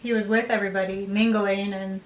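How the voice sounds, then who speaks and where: A woman's voice: medium pitch, flat delivery, fairly quick, dull audio. Chatty woman, roomy distant sound. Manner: chatty and upbeat, laughs often. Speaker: vlogger, bride. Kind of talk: casual chat to camera. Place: home room by a desk. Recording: roomy, distant mic with faint hiss.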